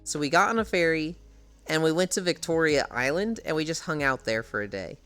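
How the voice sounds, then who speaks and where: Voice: medium pitch, expressive, fairly quick, a bit bright, clean tone, faint music behind. A young adult streamer from the United States, chatting casually at home with viewers, laughing often and swearing freely. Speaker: live streamer. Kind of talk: casual live-stream chat, answering chat.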